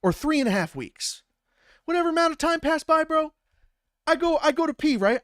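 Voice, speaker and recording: A man telling a story in a casual, profane and animated way, acting out both sides of the conversations himself. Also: extremely high pitch, moderate pace, no echo, studio quality. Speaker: battle rapper.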